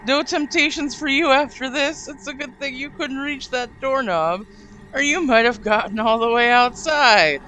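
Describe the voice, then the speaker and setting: A woman's voice: high voice, normal speed, pushed and bright, slight background noise, pitched above the performer's own voice, rough recording. A woman voicing a condescending male pet owner who scolds his cat.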